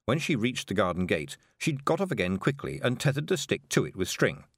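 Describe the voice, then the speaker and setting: A man reading a storybook aloud, expressive and lively. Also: medium pitch, brisk, breathy edge, dry recording, clean studio sound. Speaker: audiobook narrator. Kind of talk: scripted storybook narration.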